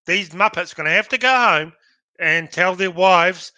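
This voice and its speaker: Australian male co-host, slightly high, sarcastic, very bright tone. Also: normal speed, no echo. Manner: sarcastic, mocking. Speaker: podcast co-host. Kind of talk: casual livestream chat.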